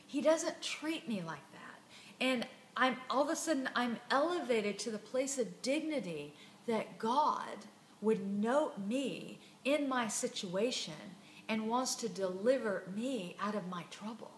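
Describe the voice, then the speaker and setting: A woman's voice: a little high, lively intonation, unhurried, reverberant, a little hiss or hum. A woman hosting a devotional Bible reflection, speaking earnestly and emphatically and repeating words for stress. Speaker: podcast host.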